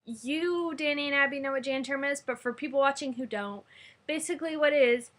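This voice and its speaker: A young American woman talks casually to her camera, bubbly and chatty. Her voice sits a little high and rings bright and sharp, and her volume rises and falls as she talks. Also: fairly quick. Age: young adult. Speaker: vlogger. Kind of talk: casual vlog chat.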